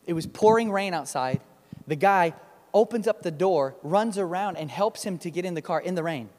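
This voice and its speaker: Preacher, male, high voice, emphatic storyteller, long hall reverb. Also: animated, normal speed, a little mellow. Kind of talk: sermon with storytelling.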